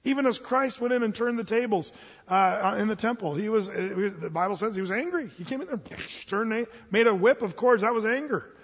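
High-voiced husky man preaching. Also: a little fast, fairly bright tone. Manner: folksy, stumbling restarts, humorous asides. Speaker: pastor. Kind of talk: conversational sermon. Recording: dull, reverberant hall sound.

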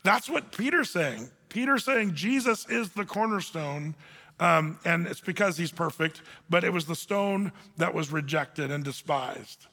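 A man preaching a sermon in an easygoing, folksy manner, his voice high and bright. It rings out with the long reverb of a big hall, as if recorded in a church sanctuary. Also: expressive, measured pace. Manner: folksy, conversational preaching with colloquial words. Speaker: pastor. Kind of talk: sermon, verse-by-verse Bible teaching.

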